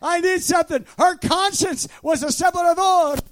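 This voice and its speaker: A man in his sixties preaches with fervor, his voice unusually high. He breaks into loud shouted bursts between stretches of storytelling. The sound is dry and close, with no room around it. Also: moderate pace, no echo. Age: 60s. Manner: shouting, fervent, with sudden loud bursts and laughs. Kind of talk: sermon.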